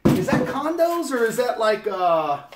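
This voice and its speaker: A man's voice: extremely high pitch, very animated, a little slow, very noisy. A man chatting casually and profanely on a live stream, joking and rambling as he opens fan mail at home. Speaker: vlogger opening fan mail. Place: home in Las Vegas.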